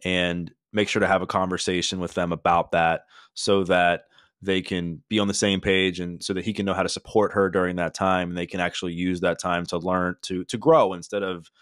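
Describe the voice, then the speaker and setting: A man hosting a podcast interview, asking measured, thoughtful questions. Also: deep voice, little pitch movement, a bit bright, dry recording, clean studio sound. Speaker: podcast host.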